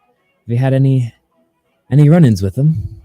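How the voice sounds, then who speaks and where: A man's voice: medium pitch, animated, moderate pace, mellow, no echo, faint music behind, pitched above the performer's own voice, lightly acted. A man doing a nervous, stammering young messenger. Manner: stammering, hesitant. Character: nervous, awkward young male guild messenger.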